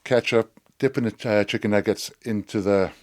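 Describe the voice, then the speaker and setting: Middle-aged man, low voice, lively cheeky storyteller with a salty mouth. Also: moderate pace. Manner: animated, sweary storyteller. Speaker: podcast guest. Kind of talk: storytelling anecdote.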